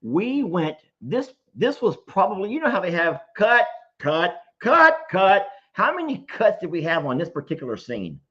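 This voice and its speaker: Animated man hosting a live chat. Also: high-pitched, moderate pace, hardly any pauses. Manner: animated, laughing storyteller. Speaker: host. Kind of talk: casual livestream chat. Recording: dull lo-fi stream audio.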